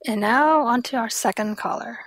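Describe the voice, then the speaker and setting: A woman's voice: on the high side, normal speed, a bit bright, dry recording. A woman hosting a comic advice call-in segment, flirty and teasing.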